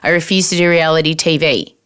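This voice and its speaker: A woman's voice: low voice, fairly even intonation, a little fast, fairly bright tone, clear, resonant tone. A woman in her forties with an Australian accent, hosting a podcast in a chatty, self-mocking storytelling manner. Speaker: podcast host. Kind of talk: casual monologue.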